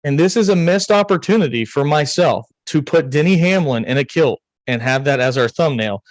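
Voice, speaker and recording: A man's voice: on the high side, lively intonation, normal speed, no echo, poor audio. An American man co-hosting a racing podcast, chatting casually, joking and rambling. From United States. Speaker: podcast co-host. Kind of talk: casual chat.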